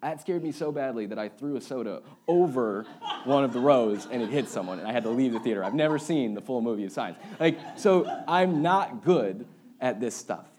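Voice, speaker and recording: A young adult man preaching a relaxed, conversational sermon as pastor, telling stories and joking with his congregation. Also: mid-range voice, fairly quick, a crowd in the background. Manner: casual, storytelling, joking with the congregation.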